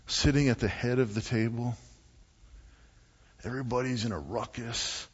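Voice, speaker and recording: A man preaching a sermon, animated and deliberate, swinging between loud and hushed delivery. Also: medium pitch, husky. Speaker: pastor. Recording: muffled, echoey church hall.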